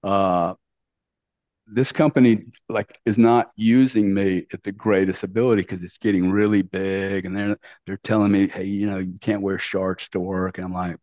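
A man's voice: on the low side, normal speed, a little mellow, no echo. A middle-aged man, telling stories as a podcast guest in a brash, blunt way, full of slang and swearing. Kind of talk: casual storytelling interview. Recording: dull dry lo-fi sound.

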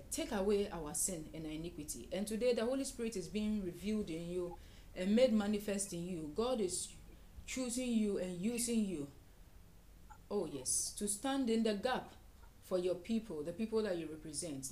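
A woman's voice: mid-range voice, a little mellow, a little hiss or hum. Fervent woman leading prayer. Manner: fervent, repetitive, with bursts of speaking in tongues. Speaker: prayer leader.

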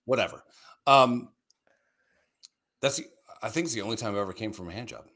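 A man's voice: fairly low pitch, a little fast, sharp tone. A middle-aged man co-hosting a podcast in crude, rambling casual chat, swearing freely and laughing often. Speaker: podcast co-host.

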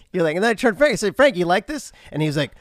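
A man's voice: high voice, sing-song, fast, no room sound, clean studio sound. A man co-hosting a casual chat, playful and amused as he riffs on the story. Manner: amused, playful listener who riffs back. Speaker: podcast co-host.

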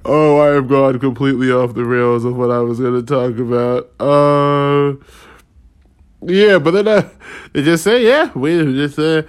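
A man in his thirties ranting in a casual, profane, rambling way, sarcastic and quick to laugh. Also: mid-range voice, smooth. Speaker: podcast host. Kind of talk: casual rant.

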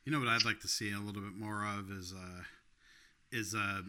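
Podcast co-host, male, very bright tone, rambling delivery full of fillers and laughs. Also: fairly low pitch, steady tone, brisk, clear, resonant tone. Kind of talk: casual chat.

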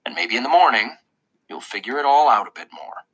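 A man reading an audiobook voices a calm, kindly school principal in a gentle, measured way, sometimes hushed. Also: mid-range voice, poor audio.

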